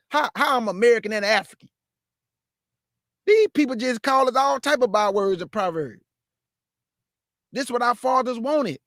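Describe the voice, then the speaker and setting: A man preaching to his listeners, emphatic and repetitive, calling them family and swinging between shouts and low asides. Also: dry recording, studio quality. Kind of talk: street-style preaching.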